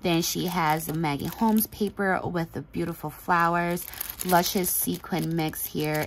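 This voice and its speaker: A woman's voice: deep voice, vocal fry, slight background noise, poor audio. A woman hosting a casual craft unboxing, chatty and gushing, laughing often. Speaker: craft channel host.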